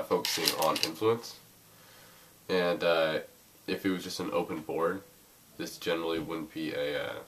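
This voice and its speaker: A man's voice: a bass voice, a bit bright, far from the mic. A young man giving a casual spoken lesson on a board game, hesitant, with many ums and uhs. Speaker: Go teacher. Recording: faint noise, voice a bit off-mic.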